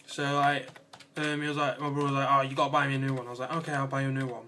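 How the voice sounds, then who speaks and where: A young man chatting in a casual, excitable vlog, with lots of fillers, giggles and playful asides. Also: medium pitch, rapid-fire, background noise. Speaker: vlogger. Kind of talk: casual rambling vlog chat.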